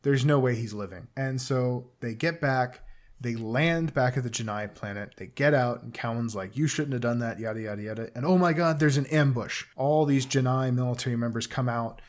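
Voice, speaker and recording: A man co-hosting a podcast, casually recapping a TV episode and acting out the characters' lines in quick impressions. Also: mid-range voice. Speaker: podcast co-host.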